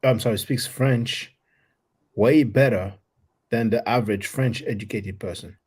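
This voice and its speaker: A man chatting in a group discussion, halting and stumbling over repeated words. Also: medium pitch, darkish tone, husky. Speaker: discussion participant. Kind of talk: casual group talk.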